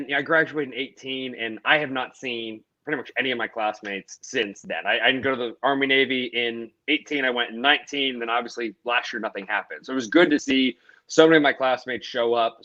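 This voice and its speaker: This is a young man in his twenties telling relaxed anecdotes during a casual talk. His pitch is in an ordinary middle range. His audio is muffled and lo-fi, with its top end dulled. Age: 20s. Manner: easygoing storyteller, chuckles while telling anecdotes. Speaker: co-host. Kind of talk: casual storytelling chat.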